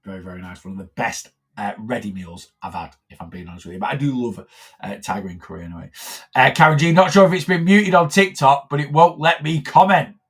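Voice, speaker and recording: A man's voice: mid-range voice, fairly quick, slightly rough. A man, a weight loss coach, chatting casually on a phone live stream, rambling with lots of fillers and restarts.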